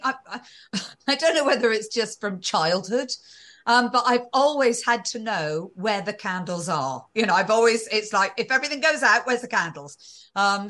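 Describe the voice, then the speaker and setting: A woman's voice: fairly high pitch, fairly bright tone. A woman guest in an interview, answering questions thoughtfully and often restarting her sentences. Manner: thoughtful, frequent restarts and fillers, occasional laughs.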